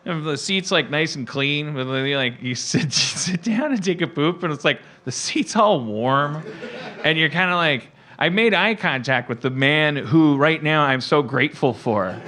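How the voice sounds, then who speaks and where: A middle-aged man hosting a podcast, telling stories in halting, rambling casual chat and laughing mid-sentence. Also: a little high, animated, sharp tone. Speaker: podcast host.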